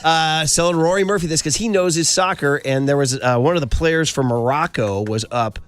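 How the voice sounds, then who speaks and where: A man's voice: on the high side, brisk. A middle-aged man hosting sports talk radio in a studio, telling stories with lots of fillers. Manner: animated storytelling, frequent fillers.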